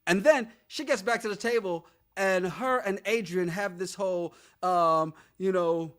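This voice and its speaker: A man's voice: sits high, measured pace, hardly any pauses, a bit bright. A man co-hosting a podcast in casual chat, laughing often and reading out listener comments. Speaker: podcast co-host.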